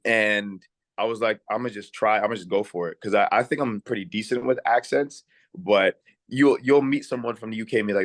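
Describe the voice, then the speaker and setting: A man's voice: on the low side, fairly quick, dry recording. A young adult man telling stories in a casual interview, chatty with lots of restarts. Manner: relaxed and chatty, frequent "like" and restarts. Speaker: actor, interview guest.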